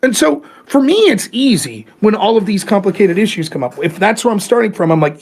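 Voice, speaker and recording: A man in casual podcast chat who argues his politics with heat and plenty of swearing. His pitch swings widely as he makes his points, rising sharply when he pushes back. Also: fairly quick, few pauses. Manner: animated, profane, argumentative. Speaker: podcast host.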